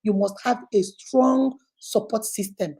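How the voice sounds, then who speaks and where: Unhurried and mellow, her mid-range voice has a breathy edge. She's a middle-aged Nigerian-accented woman hosting a talk video, urging relationship advice in an earnest, emphatic way and sometimes switching into Igbo.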